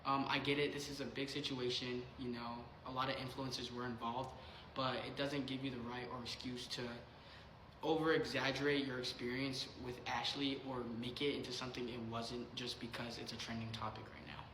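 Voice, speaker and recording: Man telling a story fast in an echoey room. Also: mid-range voice, flat delivery, noisy background. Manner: rapid retelling full of quoted dialogue and filler "like". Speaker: vlogger. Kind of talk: casual storytelling.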